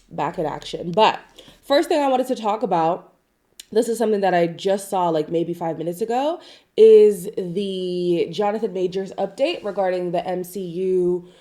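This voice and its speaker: A woman with a nasal voice from being sick, chatting casually to camera as a gossip vlogger, reading news items aloud with chatty asides. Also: warm tone. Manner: chatty, asides and hedges, swoops up in pitch for emphasis. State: sick with a stuffy nose.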